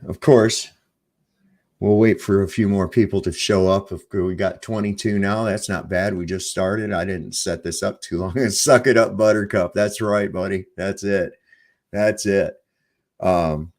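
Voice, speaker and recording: A man with a very low, deep voice hosting a casual livestream. He rambles loosely and swears freely, leaning on plenty of ums and uhs between thoughts. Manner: rambling and profane, with frequent fillers. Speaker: livestream host.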